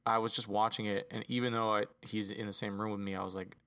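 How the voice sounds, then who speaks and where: A man speaks as a father in a relaxed podcast conversation, earnest and easygoing. His voice sits on the low side, and he fills his sentences with casual asides. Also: fast talker. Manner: earnest, relaxed, says "you know" a lot. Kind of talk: casual chat.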